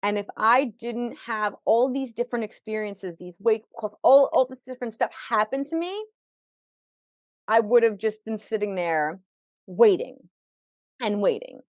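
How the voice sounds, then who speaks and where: A woman's voice: on the high side, expressive, measured pace, no room sound. A woman who is a podcast guest, telling her life story vividly with quoted dialogue. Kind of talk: personal storytelling in an interview.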